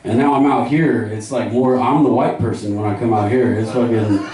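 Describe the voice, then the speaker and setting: A man's voice: mid-range voice, steady tone, brisk. A man doing a loose stand-up set full of swearing and put-on voices. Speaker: stand-up comic. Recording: echoey club from a distance with crowd.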